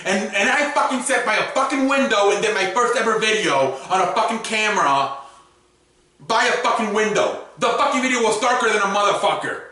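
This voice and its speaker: High, bright-voiced man ranting, echoey room. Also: expressive, brisk. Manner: profane, repetitive, exasperated ranting. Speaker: YouTube sports commentator. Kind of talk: ranting commentary. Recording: very echoey room, far from mic.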